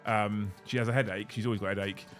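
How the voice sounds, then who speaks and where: A young British man hosting a live stream, excitable and swearing casually as he runs giveaways. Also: on the low side, fast, soft background music. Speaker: livestream host.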